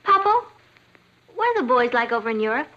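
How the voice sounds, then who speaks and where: Bright-voiced bubbly teen girl, excitable and teasing, dull old TV audio. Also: fairly high pitch, brisk, slight background noise. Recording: dull 1960s TV sound.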